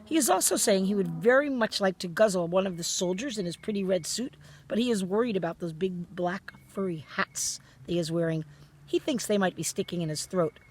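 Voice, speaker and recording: A woman doing a gentle big friendly giant. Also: medium pitch, brisk, a little hiss or hum, close to an everyday voice. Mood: chatty. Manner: mangled grammar, invented words. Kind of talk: storybook reading.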